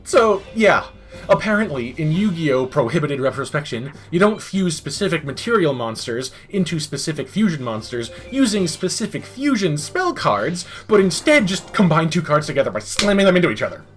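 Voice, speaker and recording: A man's voice: on the high side, very animated, brisk, hardly any pauses, soft background music. A man giving a comedic, sarcastic game review voice-over that breaks into exasperated rants, recorded close on a mic.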